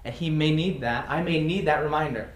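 A man's voice: a little high, a little fast. A man teaching a casual class, reading example phrases aloud and chuckling often. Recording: echoey room with faint noise.

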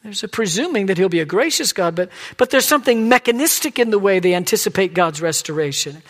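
A man preaching a sermon who swings from hushed whispers to loud, emphatic pleading and acts out quoted voices. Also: high voice, expressive, quick pace. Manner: acts out God and the people in quoted lines. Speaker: pastor.

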